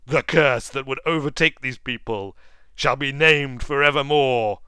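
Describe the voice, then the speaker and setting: A man's voice: medium pitch, a little slow, sharp tone, clear, resonant tone, no room sound. A man voicing a proud Victorian naturalist explorer, reading the game's story text in a grand, storybook manner over faint game music. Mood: grandiose.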